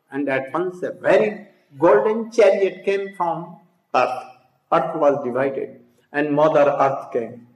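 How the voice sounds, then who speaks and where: A man tells a sacred story to his listeners, speaking slowly and haltingly, with a fairly high voice. He often pauses to prompt them with a questioning "hmm?". The recording carries a noticeable room echo. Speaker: spiritual teacher. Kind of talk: devotional storytelling talk.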